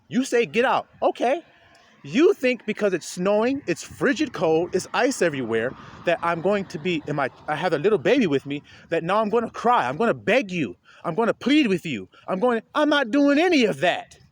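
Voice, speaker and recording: A man preaching informally to his viewers outdoors in melting snow, talking straight to them and building to a loud preaching pitch. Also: very animated, moderate pace. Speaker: street preacher. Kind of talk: informal outdoor video sermon.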